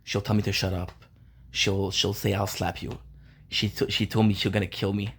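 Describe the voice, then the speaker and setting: A man's voice: fairly low pitch, level tone, a little fast, fairly bright tone, slight background noise. An upset man venting about his neighbors in a home vlog, repeating himself and swearing. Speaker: content creator. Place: home balcony.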